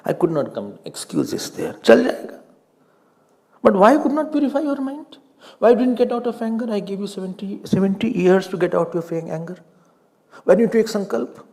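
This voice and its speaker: Indian guy preaching, high voice, keeps asking the crowd why, bits of hindi. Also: gravelly, a little mellow. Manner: exhorting, rhetorical questions, mixes in Hindi, laughs often. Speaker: spiritual teacher. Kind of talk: sermon.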